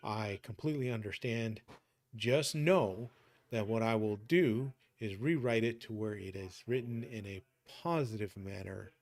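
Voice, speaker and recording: A middle-aged man signing off his game stream in a casual, upbeat way, rambling with many fillers and restarts. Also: medium pitch.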